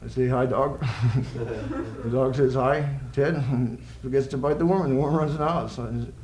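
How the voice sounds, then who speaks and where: A man reads poems live before an audience in a college social room, his medium-pitched voice brisk and steady in tone. Between lines he chuckles and rambles playfully, while crowd noise and the room's echo come through the recording.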